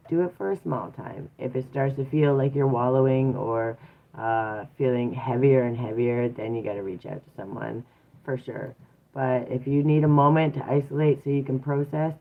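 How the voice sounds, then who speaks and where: A personal growth coach giving a casual live-streamed teaching talk, earnest and repetitive, with lots of fillers and asides to viewers. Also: medium pitch. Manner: earnest, repeats points, many fillers, chats with viewers. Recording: tinny phone-like sound.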